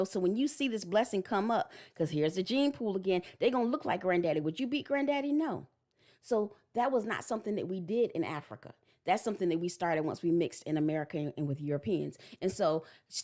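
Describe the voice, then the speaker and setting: A woman in her forties giving a blunt, animated parenting talk that slips into acted-out voices. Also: mid-range voice. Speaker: parenting vlogger. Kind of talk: casual preachy monologue.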